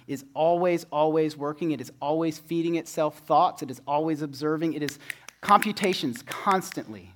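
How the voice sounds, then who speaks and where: A man preaching a sermon to a congregation. His voice sits a bit above the usual pitch for a man. He talks in an easy, conversational way and jokes about himself. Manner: conversational, self-deprecating humor. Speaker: pastor.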